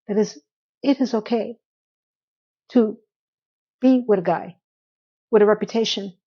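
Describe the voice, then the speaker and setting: A woman chats through a TV episode recap at a middle pitch, playing out each character's lines as she goes. She cuts in with blunt, opinionated asides. The recording sounds a little dull and lo-fi. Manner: chatty, retells scenes by acting out quotes. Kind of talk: casual TV recap commentary.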